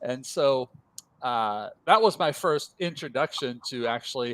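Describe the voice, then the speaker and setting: A man's voice: mid-range voice, expressive, unhurried, fairly bright tone, dry recording. A man from Pennsylvania, a motivational speaking coach, talking energetically as a podcast guest and calling the host brother. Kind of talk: podcast interview.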